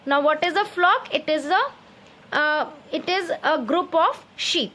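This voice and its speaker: A woman's voice: high voice, measured pace, a bit bright, slight background noise. A woman teacher with an Indian English accent, patiently leading children through a grammar exercise, spelling words letter by letter and quizzing the class.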